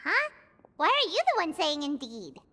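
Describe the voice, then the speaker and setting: A woman voicing a tiny, excitable female companion creature in a game, with a whiny, eager way of talking. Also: high voice, moderate pace, faint music behind, heavily acted. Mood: indignant.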